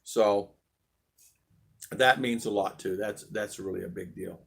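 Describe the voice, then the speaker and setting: Gravelly, rambling male livestream host. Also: lowish voice, a bit bright. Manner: rambling, halting, many fillers and restarts; friendly, greets viewers one by one. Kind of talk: casual live chat greeting viewers.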